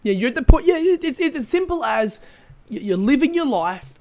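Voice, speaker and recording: A man's voice: very high-pitched, sing-song, brisk. Stammering, chatty podcast co-host man. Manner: stammering, repeats words, laughs often. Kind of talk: casual podcast chat.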